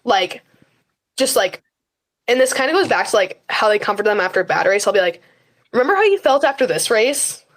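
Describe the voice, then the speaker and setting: A woman's voice: medium pitch, big pitch swings, brisk, fairly bright tone. Chatty teen girl, lots of fillers. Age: high school teen. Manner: chatty, frequent fillers and quoted self-talk. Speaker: guest, high school runner. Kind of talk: casual conversational interview.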